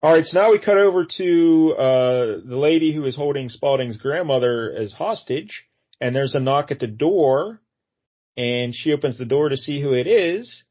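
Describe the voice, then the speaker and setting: A man's voice: fairly high pitch, normal speed. Man retelling a comic, lo-fi. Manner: animated, acts out quotes in funny voices. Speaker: podcast co-host. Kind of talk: casual chat retelling a comic.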